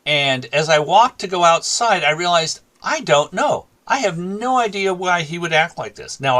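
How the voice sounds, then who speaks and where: In a talk show interview, a man who used to teach recounts a classroom story, playing both himself and the other person. His voice runs on the high side, with a pushed, bright quality.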